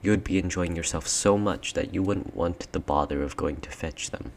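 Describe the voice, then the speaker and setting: A man's voice: low-pitched, moderate pace, gravelly, a little hiss or hum. A man reading an audiobook, voicing a regal queen who coaxes and commands. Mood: coaxing. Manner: sweet-talking, persuasive, commanding. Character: cold, coaxing queen, tall and regal. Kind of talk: audiobook character voice.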